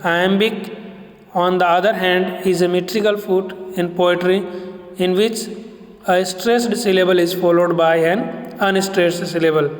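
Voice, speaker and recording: Slow, high-voiced lecturer. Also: male voice, fairly even intonation. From India. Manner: slow, deliberate, explanatory. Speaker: English lecturer. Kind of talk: recorded e-lecture. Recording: echoey roomy recording.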